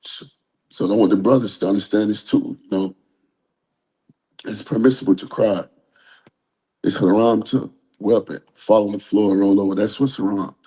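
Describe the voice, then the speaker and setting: A man with a somewhat low, warm and mellow voice talks openly in a casual interview. He rambles a little, circling back with fillers, and stays earnest throughout. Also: fairly even intonation, moderate pace, long pauses. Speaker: interview guest.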